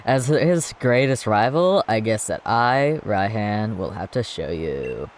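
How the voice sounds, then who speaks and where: A man's voice: on the low side, lively intonation, slow pace, slight background noise. A man voicing a cocky young male gym leader with a laid-back surfer drawl. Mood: boastful.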